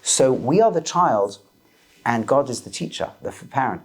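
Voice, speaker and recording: A man teaching a lively class as a rabbi, questioning his students and mixing Hebrew terms into English. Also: mid-range voice, normal speed, breathy edge. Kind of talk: lively Torah class lecture.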